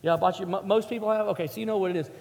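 A man's voice: high-pitched, steady tone, rapid-fire, creaky, darkish tone. A man preaching a sermon to a congregation, telling a story in a chatty, self-mocking way and asking the audience questions. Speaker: pastor. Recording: echoey hall with long reverb.

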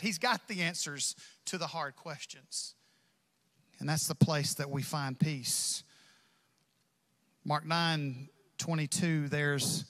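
A man's voice: sits high, bright, forceful tone, big-room sound. A man preaching a sermon as pastor, impassioned and acting out prayers and quotes.

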